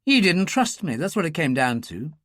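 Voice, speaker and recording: An audiobook narrator voicing a female police inspector, crisp and indignant. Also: medium pitch, sing-song, normal speed, fairly bright tone, no echo, clean studio sound, voice pushed up.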